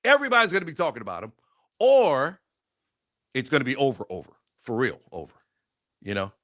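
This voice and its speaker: Animated man debating football. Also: mid-range voice, brisk. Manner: animated, thinks aloud with restarts. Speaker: sports talk show co-host. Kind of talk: casual sports debate.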